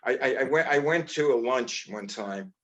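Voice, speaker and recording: A man's voice: mid-range voice, animated, moderate pace, fairly bright tone, highs cut off. An older man hosting an interview, sharing rambling anecdotes from his past work. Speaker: interview host. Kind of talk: casual interview chat.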